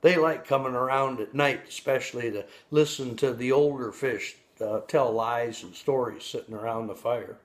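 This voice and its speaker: A man telling a folksy story, pausing to ask his listeners questions and explain things along the way. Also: medium pitch. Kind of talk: storytelling for an audience.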